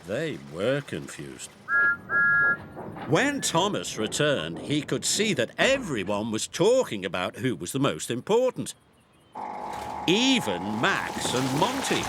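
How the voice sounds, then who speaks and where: Slow lively male storyteller. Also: medium pitch, noisy background. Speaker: narrator. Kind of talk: children's storybook narration. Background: background music.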